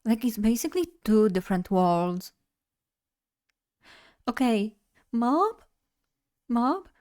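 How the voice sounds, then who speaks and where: A woman's voice: on the high side, big pitch swings, a little mellow. A young woman, chatting casually and rambling a little as a streamer, laughing at herself often. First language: Polish. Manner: rambling, chatty, self-deprecating, quick to laugh. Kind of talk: casual live-stream chat.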